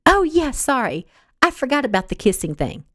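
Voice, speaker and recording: Woman reading as a sassy young woman, sarcastic, mocking, lively pitch, dry sound. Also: moderate pace, no echo. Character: sassy young woman, quick-tempered helper.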